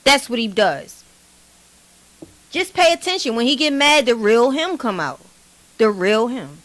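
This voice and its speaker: A woman giving blunt, animated gossip commentary as a vlog host. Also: fairly high pitch, unhurried. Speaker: commentary vlogger.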